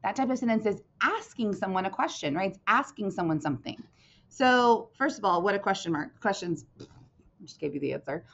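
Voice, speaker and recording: A woman teaching young children in a lively, sing-song voice that swoops up and down, often pausing to ask "right?" or "okay?". The recording is dull and lo-fi. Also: medium pitch.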